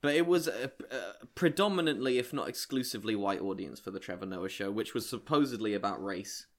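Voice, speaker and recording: A man's voice: lowish voice, brisk. A man co-hosting a podcast, chatting casually in a rambling, wry way. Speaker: podcast co-host. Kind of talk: casual chat.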